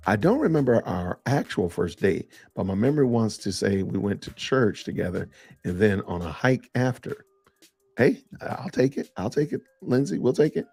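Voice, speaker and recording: A middle-aged man with a low, gravelly and slightly husky voice talks loosely on a live podcast stream. He riffs and reacts to viewer comments in a relaxed, chatty way. The recording is dry and close, with faint music underneath. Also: moderate pace, no room sound. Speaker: podcast host. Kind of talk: casual live-stream chat.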